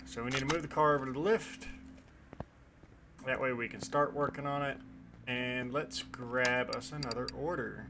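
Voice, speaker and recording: A man casually commenting while playing a game, relaxed and rambling with playful asides. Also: mid-range voice, normal speed, background noise. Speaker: gaming video host.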